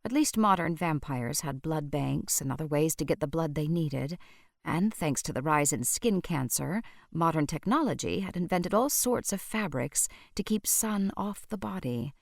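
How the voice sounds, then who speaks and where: Low-voiced woman narrating an audiobook. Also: expressive, normal speed, gravelly, no echo, clean studio sound.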